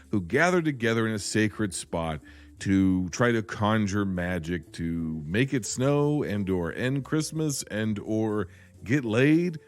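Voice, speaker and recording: A man's voice: on the low side, slow. A man hosting a comedic film review, sarcastic and mocking as he retells scenes. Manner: sarcastic, animated, mocking voices for quoted lines. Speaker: podcast host reviewing a film.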